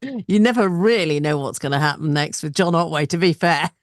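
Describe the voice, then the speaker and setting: A woman's voice: low-pitched, brisk, no room sound, clean studio sound. A woman radio host leading a casual panel chat, chatty and enthusiastic.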